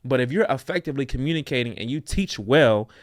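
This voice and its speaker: A man co-hosting a casual reaction show, speaking in an animated, opinionated way. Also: medium pitch, fast talker, no echo, clean studio sound. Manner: animated, opinionated, slips into mocking voices. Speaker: co-host.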